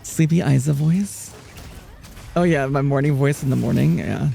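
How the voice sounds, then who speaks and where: A man streaming live who chats casually with his viewers in a soothing, relaxing, soft-spoken voice with gentle pauses. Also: mid-range voice, vocal fry. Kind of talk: casual chat, answering viewers while gaming.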